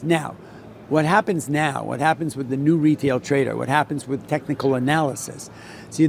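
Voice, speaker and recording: Older New man, veteran trader, rambling storyteller, slightly high voice, faint noise behind. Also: darkish tone. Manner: rambling, many restarts and repeats. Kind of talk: solo talk with anecdote.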